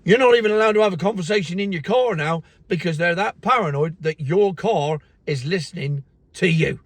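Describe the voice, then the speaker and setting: A fairly high-voiced man rants in a casual vlog, sarcastic and pleased with himself. He has a cold that breaks through as coughing. The sound is dry and close, with no room around it. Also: fairly quick, dry recording. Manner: sarcastic, mocking, self-satisfied. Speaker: vlogger.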